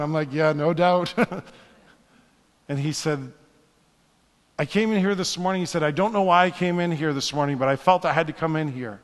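A man preaching in a high, ringing voice, telling a personal story with quiet asides before rising into fervent calls to his listeners. His words carry a long reverb, like in a big sanctuary. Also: normal speed, pauses often. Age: adult, married. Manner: animated storyteller, drops to hushed asides, builds to fervent exhortation. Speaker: pastor. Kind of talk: sermon with storytelling.

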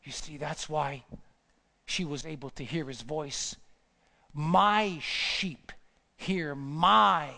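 A man preaches with a high, ringing voice. His phrases come back again and again for emphasis and rise to fervent peaks. The sound carries the long reverb of a large church hall. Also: slow pace, vocal fry, pauses often, pushed and bright. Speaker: pastor. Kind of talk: sermon.

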